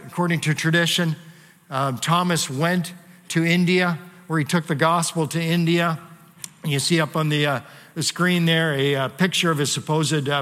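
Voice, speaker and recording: Man, pastor, sermon, conversational with fillers, slightly high voice, long hall reverb. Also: fairly bright tone. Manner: conversational, frequent "you know" and fillers.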